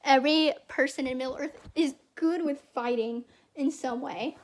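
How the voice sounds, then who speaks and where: Young woman, high voice, chatty rambling fan commentary, repeats herself. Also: moderate pace. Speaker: channel host.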